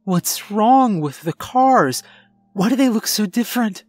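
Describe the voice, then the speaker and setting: A man's voice: high voice, big pitch swings, a little slow, no echo, voice pushed up, full character voice. A man voicing a panicked confused young woman. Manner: urgent, rising panic.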